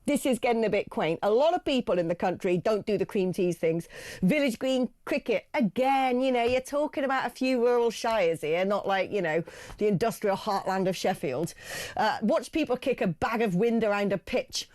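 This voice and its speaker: A woman from Gloucester hosting a radio phone-in, chatty and quick to react, reading out listener messages. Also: medium pitch, animated, a little mellow, no echo, studio quality. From Gloucester, England. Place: radio studio.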